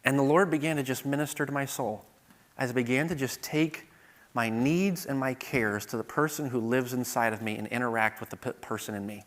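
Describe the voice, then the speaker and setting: A middle-aged man preaching a sermon, moving from quiet storytelling to loud, emphatic peaks. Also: mid-range voice, a little fast.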